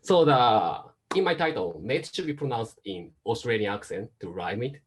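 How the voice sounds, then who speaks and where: A man's voice: mid-range voice, normal speed, slightly rough. A man with a Japanese-Chinese-American accent, a doctor giving a science talk over a video call. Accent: Japanese, Chinese and American mix. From Japan, raised in Hong Kong. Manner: steady explaining, careful phrasing. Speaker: guest speaker, medical doctor.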